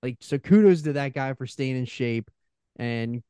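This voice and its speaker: A man's voice: mid-range voice, measured pace, warm tone, clear, resonant tone, no echo, clean studio sound. A man co-hosting a wrestling podcast, enthusiastic and laughing often. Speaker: podcast co-host. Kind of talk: casual wrestling review chat.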